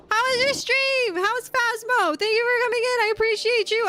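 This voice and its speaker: Woman, game streamer, casual commentary, excitable, faint game music behind. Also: very high-pitched, a little fast, hardly any pauses. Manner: chatty and excitable, yelps and laughs while playing.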